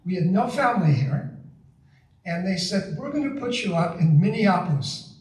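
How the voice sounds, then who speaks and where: A man's voice: high-pitched, lively intonation, moderate pace, a little mellow. A man in his seventies with a slight Eastern European accent, telling stories during a public lecture, asking the audience rhetorical questions and checking in with "okay?" and "right?". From born in the Soviet Union, raised partly in Poland and the US. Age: 70s. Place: community center hall. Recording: echoey hall, far from the mic, faint noise.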